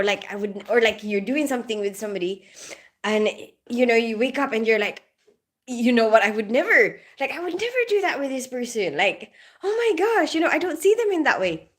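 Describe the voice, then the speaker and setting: A woman's voice: mid-range voice, a bit bright. A woman chatting casually on a livestream, giggling often and greeting viewers as she goes. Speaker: nurse livestreamer.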